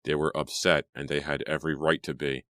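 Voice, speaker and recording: A man playing a stern middle-aged father who speaks in measured warnings. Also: very deep voice, little pitch movement, bright, forceful tone, dry recording, studio quality.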